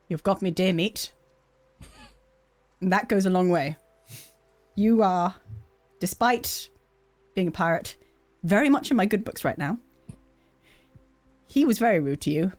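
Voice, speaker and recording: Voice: medium pitch, lively intonation, a little slow, pauses often, faint music behind. A playful player at a tabletop game, speaking in a conspiratorial way. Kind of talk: in-character tabletop play.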